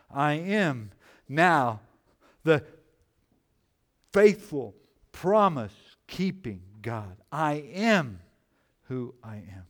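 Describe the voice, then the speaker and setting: A man preaching a sermon, slow and emphatic, repeating key phrases and swinging from loud exclamations to hushed, low lines. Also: big pitch swings. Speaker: pastor.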